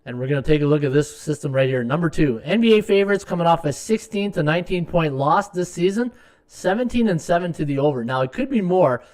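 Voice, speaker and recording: A man's voice: on the high side, lively intonation, fast talker, a little mellow. A man hosting a live sports betting podcast, rambling through stats with many fillers and restarts, sometimes muttering to himself as he checks numbers.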